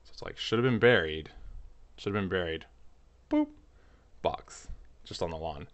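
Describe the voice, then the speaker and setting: Low-voiced man telling a rambling story. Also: lively intonation, normal speed, fairly bright tone. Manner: rambling, with many restarts and fillers, nervous. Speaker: channel host. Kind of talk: comic personal storytelling.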